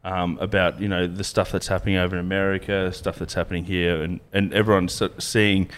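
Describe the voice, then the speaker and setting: A man's voice: deep voice, level tone. A man chatting on a casual podcast, joking and teasing the others. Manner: joking, quick to laugh and tease.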